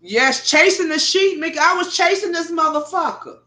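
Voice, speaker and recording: A middle-aged woman rambles through a story to her viewers, swearing freely and talking in an animated way. Her voice is bright and forceful. The bedroom where she records sounds echoey. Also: extremely high pitch, moderate pace. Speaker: vlogger. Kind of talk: casual profane storytelling to viewers. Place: bedroom at home. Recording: echoey room.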